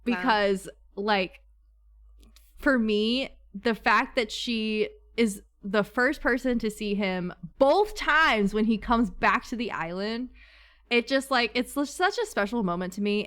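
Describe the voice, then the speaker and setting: A woman hosting a casual book club chat, bubbly and laughing often, with quick asides. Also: a little high, fairly bright tone.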